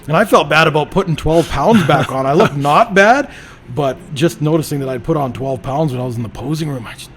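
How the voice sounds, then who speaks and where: A man's voice: medium pitch, fast talker, soft background music. A man hosting a podcast in casual chat, talking about training with emphatic, profane motivational energy. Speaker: podcast host.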